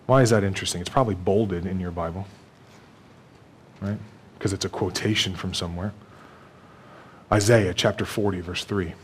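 A man's voice: lowish voice, normal speed, long pauses, husky. A man preaching a sermon in a conversational way, acting out bits of dialogue and laughing with the congregation. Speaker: pastor.

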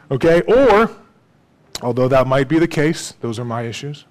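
A man's voice: mid-range voice, animated, normal speed, poor audio. A man preaching a sermon in a conversational way, often checking in with his congregation and using dry, self-deprecating humor. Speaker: pastor.

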